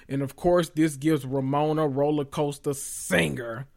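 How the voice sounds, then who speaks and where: Animated, profane podcast host man. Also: creaky. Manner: animated, loud and profane, with sudden high squeals and drawn-out exclamations. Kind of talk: casual reality TV recap.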